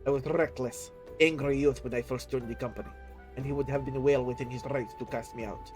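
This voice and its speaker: A man's voice: medium pitch, fairly even intonation, fairly quick, over music, close to an everyday voice, rough recording. A man reading aloud the lines of a dignified older sea captain in a game, using formal, old-fashioned phrasing. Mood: earnest.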